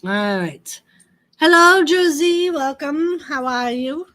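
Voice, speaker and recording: A woman's voice: high voice, animated, takes it slowly, a bit bright. A woman hosting a casual livestream, chatting about wrestling and greeting viewers by name. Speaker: livestream host. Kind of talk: casual live wrestling commentary and chat.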